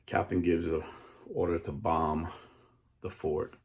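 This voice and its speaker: A man's voice: low voice, level tone, slow pace, vocal fry, a little mellow. A man hosting a talk show, retelling a story dramatically and acting out the voices. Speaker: host.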